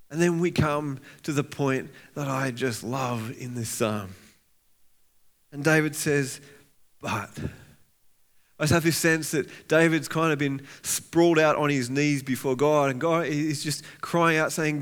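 A man's voice: on the high side, measured pace. Earnest man preaching a sermon. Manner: earnest preaching, reads scripture with rising intensity; frequent restarts and repeated words. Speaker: pastor.

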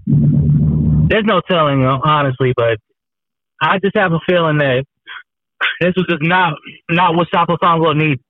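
Male phone-in guest, tinny line with wind noise, relaxed and chatty. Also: on the high side, measured pace, long pauses, no echo. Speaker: guest sports reporter. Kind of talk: casual phone-in chat. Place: on the road, heading to work.

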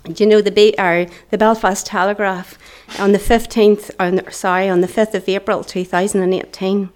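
A woman's voice: mid-range voice, flat delivery, normal speed, darkish tone. Earnest Northern Irish woman preaching. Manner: earnest and impassioned, dropping into whispers. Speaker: church testimony speaker. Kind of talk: preaching testimony. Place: church.

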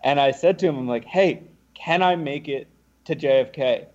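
A young man, a podcast guest, telling a lively anecdote and acting out what the other people said. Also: fairly high pitch, moderate pace, highs cut off. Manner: animated, acts out the other people's lines. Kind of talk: casual storytelling.

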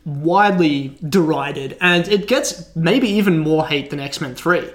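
A podcast co-host from Australia, a man with a slightly raised pitch. He rambles through long anecdotes in casual chat, restarting sentences and piling up fillers. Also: lively intonation, a little slow.

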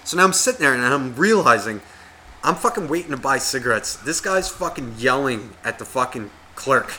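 A man's voice: medium pitch, normal speed, a little hiss or hum. A man co-hosting a podcast, telling a casual story full of swearing and acting out the voices of people in it. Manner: profane, animated, acts out quoted voices. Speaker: podcast co-host.

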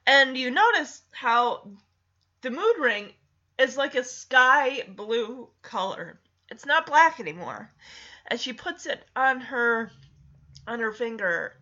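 Bright, lively woman recapping a movie. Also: fairly high pitch, slow, lo-fi sound. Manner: emotional, chatty storytelling.

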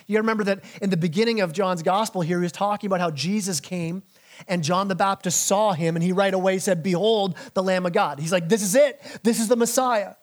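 A male pastor preaching a sermon, animated, acting out biblical figures in casual modern speech and dropping low and slow on key lines.

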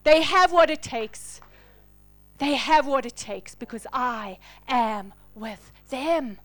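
A woman pastor with a very high voice preaches a sermon. She moves from ringing declarations down to soft, breathy whispers. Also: animated, slow pace. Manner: dynamic preaching, swinging from loud declarations to hushed whispers.

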